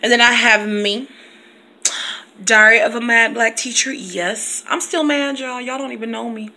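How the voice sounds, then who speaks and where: A woman's voice: on the high side, fairly even intonation, moderate pace, bright, forceful tone. A woman teacher vlogging in a casual, playful chat, laughing often and breaking into bits of song. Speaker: teacher and video blogger. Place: at home, reading from her computer.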